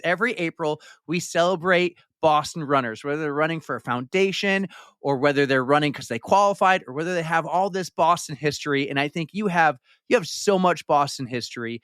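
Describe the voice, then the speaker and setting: A man's voice: on the high side, fairly quick, fairly bright tone, clean tone, dry recording, clean studio sound. A man hosting a running podcast, introducing his guest in a casual, rambling way. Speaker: podcast host.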